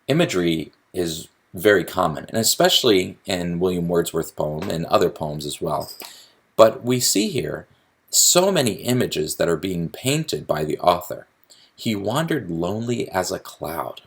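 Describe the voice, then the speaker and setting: A man's voice: low voice, creaky, breathy edge. A man teaching a recorded lesson on poetry, explaining step by step and often restarting his sentences. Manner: explanatory, with frequent restarts and fillers.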